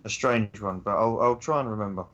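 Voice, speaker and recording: A man's voice: fairly low pitch, fairly quick, a bit bright, muffled recording. A man chatting casually, rambling and hunting for words with many ums. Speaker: stream co-host. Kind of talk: casual chat.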